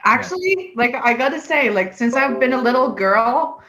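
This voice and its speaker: Female co-host from Finland, lively, blunt, casual talk. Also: a little high, moderate pace. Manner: animated, swears, laughs often. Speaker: podcast co-host. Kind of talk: casual chat.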